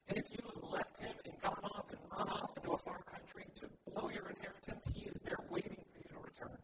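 A man's voice: fast talker, few pauses, distant mic. A man preaching a sermon as pastor, earnest and building his points through repeated emphatic phrases. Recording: loud background noise.

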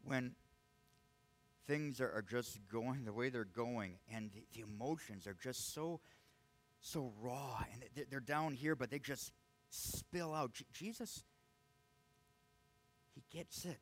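A man's voice: medium pitch, slow, long pauses. A man preaching a sermon, earnest and emphatic, often restarting his words as he presses a point. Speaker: pastor.

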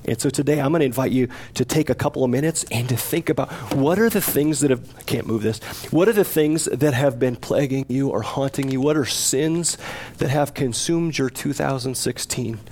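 A man pastoring a church service, earnest and gently pleading, with soft laughs as he leads people toward confession. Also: medium pitch, moderate pace, a little hiss or hum. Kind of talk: sermon. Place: church sanctuary.

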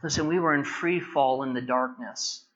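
A man preaching a sermon, moving from quiet prayerful reflection to loud, emphatic, impassioned preaching. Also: mid-range voice, normal speed, muffled recording, slight background noise. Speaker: pastor.

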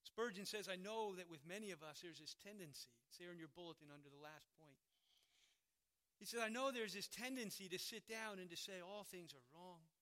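Bright high-voiced male preacher. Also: brisk. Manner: emphatic, swells loud on key words then drops quiet. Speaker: pastor. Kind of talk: sermon.

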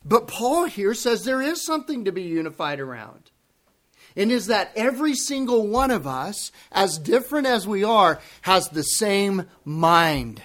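A male pastor preaching a sermon to his congregation, emphatic and deliberate, repeating key phrases for weight. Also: high-pitched, very animated, fairly bright tone.

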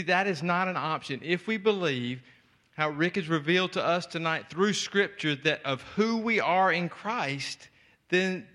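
Impassioned high bright preaching man. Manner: impassioned preaching, repetitive emphatic phrasing. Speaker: speaker at church event. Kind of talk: sermon-style exhortation.

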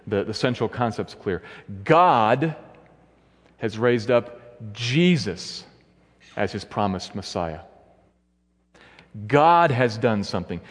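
A man preaching a sermon and retelling a story. He acts out the quoted voices by shifting his pitch. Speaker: pastor. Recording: long hall reverb.

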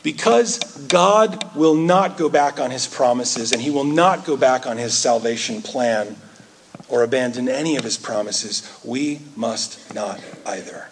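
A man preaching a sermon in an earnest way, rising into animated quoted asides. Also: mid-range voice, measured pace, slight background noise. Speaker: pastor.

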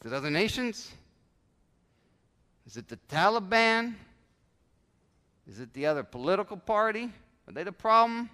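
A male pastor preaching a sermon with animated delivery, now and then acting out everyday voices to make his point. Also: high-pitched, normal speed, long pauses, smooth. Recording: long church hall reverb.

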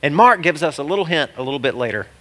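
A man delivers a sermon with a voice set somewhat high for a man. His tone is bright and forceful. He preaches in an animated way, shouting out one moment and dropping to a near hush the next. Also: rapid-fire. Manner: animated, exclamatory preaching that swings from loud to hushed. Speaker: pastor.

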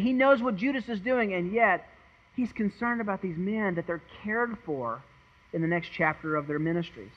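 A man preaching an earnest sermon, swinging from loud emphasis to hushed tones and often repeating words as he goes. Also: high-pitched, muffled recording. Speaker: pastor. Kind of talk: expository sermon.

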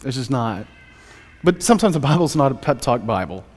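A man's voice: medium pitch, sing-song, fairly quick, darkish tone. A man preaching a Sunday sermon as pastor, in a conversational way with joking asides. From United States. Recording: reverberant church hall.

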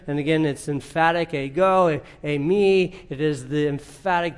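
A male preacher with a slightly raised voice delivers a sermon. He draws out his phrases slowly and presses hard with rhetorical questions. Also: on the high side, fairly even intonation, clean tone. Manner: emphatic, rising to rhetorical questions; drawn-out, deliberate phrasing.

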